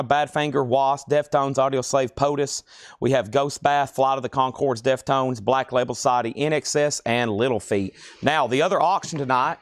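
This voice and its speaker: A man with a smooth, medium-pitched voice is heard in clean studio sound without echo. Selling records on a live stream from a record store, he chats casually while calling out album titles, prices and buyers' names.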